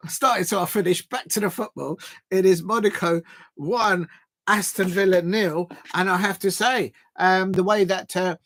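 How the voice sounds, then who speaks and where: A man giving live football watch-along commentary. He is chatty and excitable, talking to his viewers between bursts of play-by-play. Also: high voice, measured pace.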